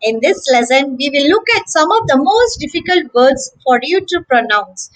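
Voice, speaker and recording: A woman teaching English pronunciation to children, demonstrating words slowly and repeating each one as a drill. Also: high voice, very animated, rough recording. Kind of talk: slow, deliberate pronunciation lesson for children.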